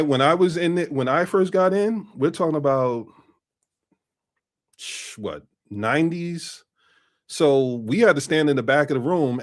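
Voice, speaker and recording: Fast-talking man telling stories. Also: medium pitch. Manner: storytelling, street slang mixed with business talk, repeats phrases. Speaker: guest, business strategist. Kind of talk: casual conversational interview.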